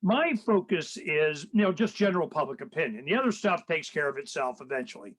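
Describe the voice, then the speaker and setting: Talk radio host: older man, high voice, rambling and animated. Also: brisk, husky, poor audio. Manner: rambling, animated, acts out quoted people in a raised voice. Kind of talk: casual political chat.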